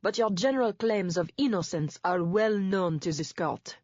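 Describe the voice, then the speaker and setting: A woman's voice: fairly low pitch, normal speed, darkish tone, no echo, natural voice. A woman voicing a stern male presiding judge who talks in a clipped, formal, impatient way, recorded dull and dry.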